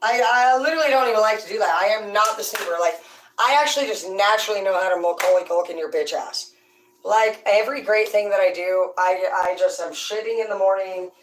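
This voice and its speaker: A woman's voice: on the low side, a little hiss or hum. Brash, swearing woman in an echoey room. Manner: profane, brash, rambling. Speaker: tarot reader and host. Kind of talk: casual ranting monologue. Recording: echoey room, voice far from the mic.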